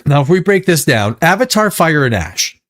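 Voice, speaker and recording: A man hosts a loose pop-culture commentary show in a somewhat high, very lively voice. He rambles and restarts his sentences, sliding into profane rants. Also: moderate pace. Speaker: show host.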